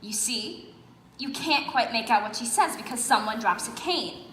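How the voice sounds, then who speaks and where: A woman's voice: on the high side, moderate pace, fairly bright tone, a little hiss or hum, lightly acted. A woman playing a wistful record-loving narrator, confiding and musing to the audience in a stage play. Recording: echoey hall, live stage.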